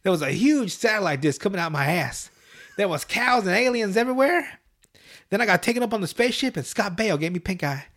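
A man voicing a bratty, loud-mouthed cartoon boy in a whiny, indignant way while retelling a cartoon scene. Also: sits high, lively intonation, fairly quick, pitched above the performer's own voice.

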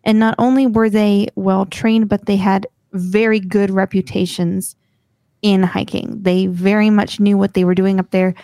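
Her voice is mellow and medium in pitch, with a level tone and measured pace, recorded without room sound. She co-hosts a podcast, casually telling a story from notes in a loose, giggly manner and often stumbling over her words.

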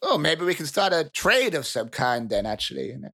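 A game master plays a mouse-folk queen in a tabletop game, chatty and quick to take offence. Her voice is bright and forceful and sits at an everyday middle pitch. She rambles along casually and turns indignant whenever her people's cuteness is questioned. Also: big pitch swings, vocal fry, heavily acted.

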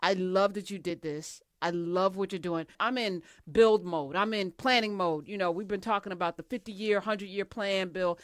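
A woman's voice: medium pitch, moderate pace, hardly any pauses, no room sound, studio quality. A woman hosting an interview, asking questions in an enthusiastic, emphatic way. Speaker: host. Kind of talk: casual interview.

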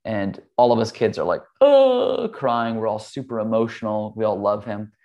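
A man who teaches meditation speaks a little fast in a lowish voice, and the recording has a lo-fi sound. He casually and earnestly explains concepts and recounts a personal story, now and then saying "like" or "um."

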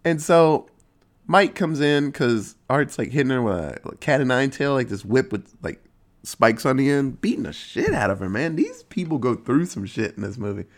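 A man at a middle pitch, retelling a horror movie plot in a loose, conversational way. He swears freely and tells the story with animated energy, his voice leaping up now and then for emphasis. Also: normal speed. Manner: profane, animated storytelling with sudden pitch jumps. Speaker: movie reviewer. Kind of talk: casual movie recap.

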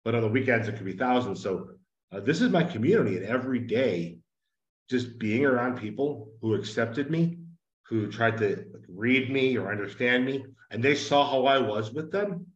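A man talks as a podcast guest, earnest and a bit rambling, his voice sitting at an ordinary middle pitch. The audio is dull and lo-fi, with a roomy echo around him. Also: lively intonation, normal speed. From United States. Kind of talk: casual interview conversation. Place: home in a small town.

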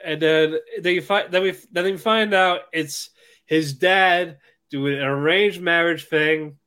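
A man's voice: a little high, steady tone, measured pace, sharp tone, clear, resonant tone. A young man co-hosting a podcast, joking and laughing through casual banter. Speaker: podcast co-host. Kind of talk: casual chat.

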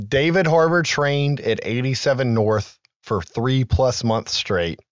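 A man's voice: mid-range voice, slow pace, no echo, highs cut off. A man co-hosting a podcast, chatting casually as he recaps film trivia with loose asides and some profanity. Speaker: podcast co-host.

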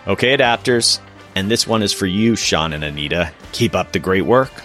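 A man hosting a podcast, giving an upbeat sales pitch and talking straight to his listeners. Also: animated, normal speed, a bit bright, faint music behind. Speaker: podcast host. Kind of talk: podcast outro and sponsorship pitch.

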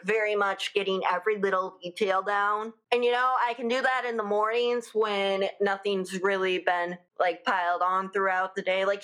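A young adult woman hosts a podcast in a casual, gossipy chat, packed with fillers. Her voice is mid-range and a bit bright, and her manner is chatty.

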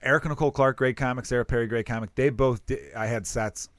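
A man's voice: mid-range voice, fairly even intonation, quick pace, dry recording. A married man, a stand-up comedian, rambling through anecdotes in casual podcast chat and acting out quotes.

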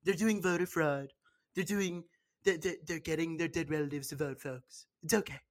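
A guy doing a rambling, blustery politician, dropping his voice a bit lower and quieter than his usual talk and sounding a touch further from the mic. it keeps circling back and repeating the same reassurances. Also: steady tone, normal speed, lightly acted. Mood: blustering. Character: impression of a blustering male politician.

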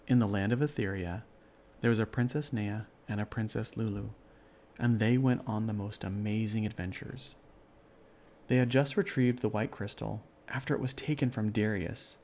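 A man narrating a children's fairy-tale story in a calm, measured way. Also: on the low side.

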